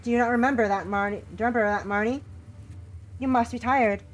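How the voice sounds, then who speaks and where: A woman's voice: a little high, steady tone, quick pace, voice pushed up, natural voice. A woman voicing Elizabeth, a devoted young woman who speaks in an earnest, old-fashioned formal way in a visual novel. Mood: teasing, tender.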